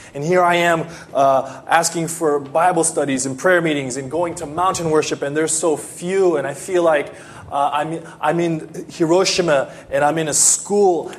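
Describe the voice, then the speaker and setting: A man preaching a sermon as pastor, emphatic and repetitive, with halting restarts and fillers, sinking to hushed low lines.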